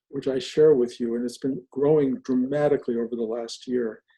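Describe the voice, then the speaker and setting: Mellow-voiced older man, reflective spiritual talk. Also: medium pitch, poor audio. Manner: slow, reflective, with soft drawn-out pauses. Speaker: spiritual teacher.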